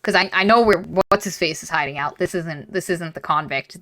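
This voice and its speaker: A woman's voice: on the low side, fairly quick, a bit bright, no echo. A woman co-hosting a casual book-club chat, animatedly retelling the plot and acting out the characters' lines. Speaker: podcast co-host.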